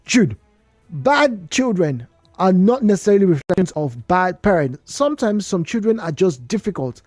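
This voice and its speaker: Animated Nigerian woman hosting radio talk. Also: lowish voice, moderate pace, no echo, soft background music. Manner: animated storyteller, emphatic repetitions. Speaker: radio show host. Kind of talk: radio call-in talk show. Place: radio studio. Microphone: studio microphone.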